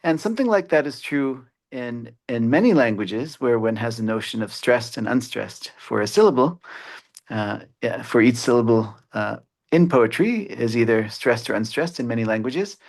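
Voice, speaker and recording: A male educator explaining ideas step by step in an online lecture. His pitch sits in the middle of the usual range for a man. He stops often on short "uh" fillers between phrases. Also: expressive, moderate pace. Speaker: mathematics educator. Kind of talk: webinar lecture.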